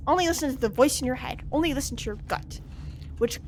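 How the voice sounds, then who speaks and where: A chatty woman streamer talks playfully through her game in a high, bright-sounding voice. Her commentary stays casual and giggly. A faint hiss sits behind her. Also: fast talker.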